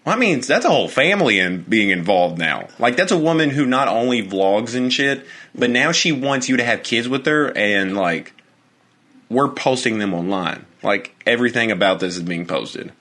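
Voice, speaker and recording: A man's voice: medium pitch, expressive, normal speed, a bit bright. A young man co-hosting a casual podcast, rambling and swearing as he acts out imagined exchanges. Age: young adult. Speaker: podcast co-host. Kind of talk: casual chat.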